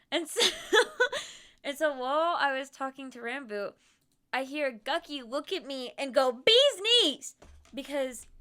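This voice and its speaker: A bright, slightly high-voiced young woman chats casually on her stream in a put-on Boston accent. She acts out quotes from the people she talks about and giggles at herself often. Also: clear, resonant tone. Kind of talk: casual chat. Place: home streaming setup.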